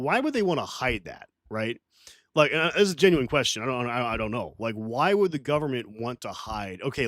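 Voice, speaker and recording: A man's voice: mid-range voice, a bit bright, no room sound, studio quality. A man hosting a casual livestream, talking to his chat in a rambling, defensive way and swearing often. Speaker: livestream host.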